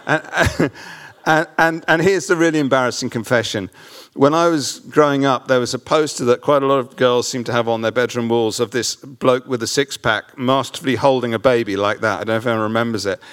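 A pastor with a smooth, clear, resonant voice preaches to his congregation. He tells humorous, self-deprecating stories about fatherhood and then turns earnest. His voice sits at an ordinary middle pitch for a man. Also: brisk, fairly bright tone. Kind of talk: sermon. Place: church hall with audience.

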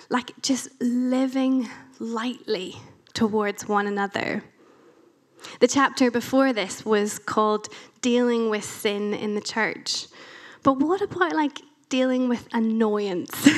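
A young Irish woman preaches to her church in a relaxed, conversational way, full of little asides and filler words. Her voice sits fairly high and her delivery stays chatty rather than formal. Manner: conversational, animated, self-deprecating asides. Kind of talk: church talk.

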